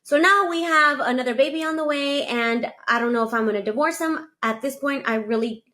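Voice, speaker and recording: Young adult woman, slightly high voice, casual storytelling, animated, acts out quoted dialogue. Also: a little fast. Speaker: storyteller in a played clip.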